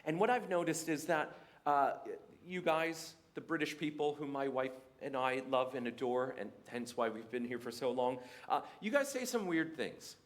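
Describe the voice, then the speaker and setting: A young Canadian man with a Canadian accent, giving a humorous, animated talk at a church faith day. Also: mid-range voice, moderate pace. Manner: animated, jokey, mimics other voices. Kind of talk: sermon-style talk with humour.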